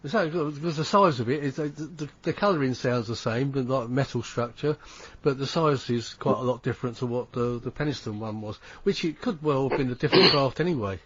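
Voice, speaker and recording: A man's voice: mid-range voice, fairly quick, a bit bright, slightly rough. A man hosting a radio interview, asking brief prompting questions. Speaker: host. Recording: dull lo-fi remote line.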